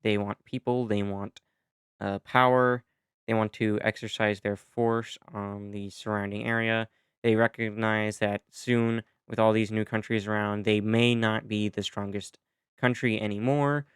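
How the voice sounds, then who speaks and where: A man's voice: fairly low pitch, steady tone, a little slow, clean tone, no room sound, clean studio sound. A man narrating a map simulation video in a chatty, explanatory way, with casual asides and self-corrections. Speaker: YouTube narrator.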